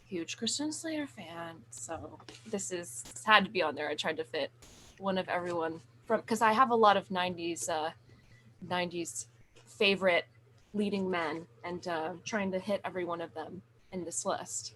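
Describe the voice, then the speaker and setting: Over slight background noise, a young adult podcast co-host with a voice on the low side, a bit bright and at normal speed, enthuses about horror movies. Her rambling, casual talk is loaded with fillers and swearing.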